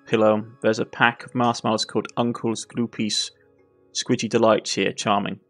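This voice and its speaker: A man's voice: lowish voice, little pitch movement, normal speed, fairly bright tone, faint music behind. A man with a Cornish accent playing a game and reading its text aloud with wry, dry asides. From Cornwall. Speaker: gaming YouTuber.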